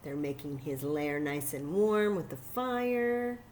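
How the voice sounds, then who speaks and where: A woman librarian reading a picture book aloud at children's story time, animated and enthusiastic, talking to the kids. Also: low-pitched, slow pace, a little hiss or hum.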